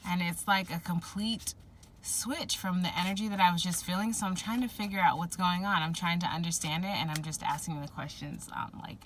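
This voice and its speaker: A woman's voice: fairly low pitch, brisk, a bit bright, slight background noise. A woman giving a casual spoken tarot reading, rambling and giggly, full of fillers. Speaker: tarot reader.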